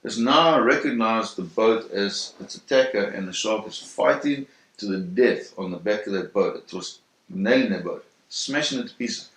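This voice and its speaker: A man in an interview telling a first-hand story in a vivid, animated way, acting out the sounds and voices. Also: fairly low pitch, moderate pace. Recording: roomy echo.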